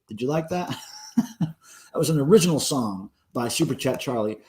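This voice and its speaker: A man's voice: medium pitch, expressive, normal speed, darkish tone. A man hosting a casual livestream, rambling and answering viewer comments with lots of ums and uhs. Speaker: livestream host.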